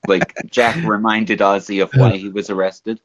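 A man's voice: on the low side, flat delivery. A man hosting a podcast, telling stories in casual chat. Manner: storytelling, drawn-out. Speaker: podcast host. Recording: dull lo-fi sound.

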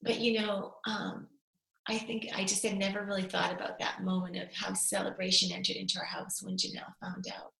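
A middle-aged woman recounts a painful family story as a guest, candid and animated, her voice catching with tears now and then. Her voice sits in the middle range, and the recording carries a noticeable roomy echo. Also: medium pitch, a little fast, creaky. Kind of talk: emotional personal storytelling.

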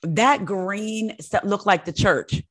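A woman's voice: mid-range voice, slow, slightly rough. A woman co-hosting a casual chat, laughing often and egging her friend on. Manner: lively, laughs often, eggs her partner on.

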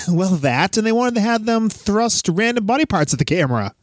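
Upbeat podcast host with a dry voice. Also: male voice, high-pitched, sing-song, moderate pace, no room sound. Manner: recaps scenes playfully, cracks jokes. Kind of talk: casual movie-review podcast chat.

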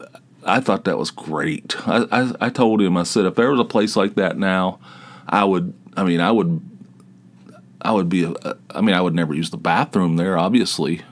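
A middle-aged man with a fairly low voice hosts his own podcast alone and rambles from one tangent to the next. He keeps restarting his sentences and repeating words. He pokes fun at himself while he talks. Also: normal speed. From northeastern Pennsylvania. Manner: digressive, self-deprecating, repeats words and restarts. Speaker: podcast host. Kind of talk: rambling solo podcast monologue.

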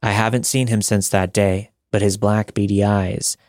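A man reading listener-submitted scary stories aloud in a steady, measured first-person narration. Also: lowish voice. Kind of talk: scripted horror story narration.

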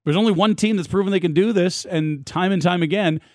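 A man's voice: high voice, a little fast, darkish tone, no room sound. Confident male sports talk co-host, dry sound. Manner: confident, argumentative analysis.

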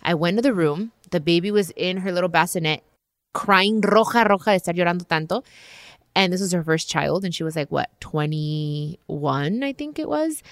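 A woman's voice: on the low side, lively intonation, normal speed, no echo, studio quality. A woman hosting a casual chat, empathetic, mixing English and Spanish. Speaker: host.

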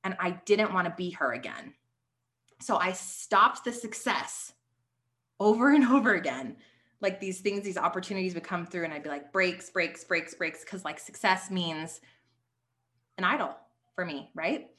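Casting: young woman, guest on a podcast, chatty, animated storyteller. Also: on the low side, normal speed. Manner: animated storytelling with many likes. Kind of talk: casual testimony.

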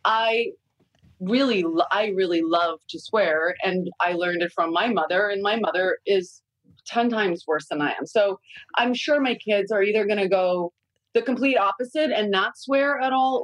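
A woman's voice: medium pitch, moderate pace, no echo, poor audio. A woman, a mother of young kids, chatting candidly as a podcast guest, with frequent fillers and casual swearing.

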